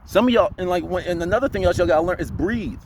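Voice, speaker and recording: Young guy coaching on voice, kinda high voice, emphatic, faint traffic behind. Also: fast talker. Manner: emphatic, rhetorical questions, drops into a deep voice to demonstrate. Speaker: voice coach vlogger. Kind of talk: casual advice talk to camera.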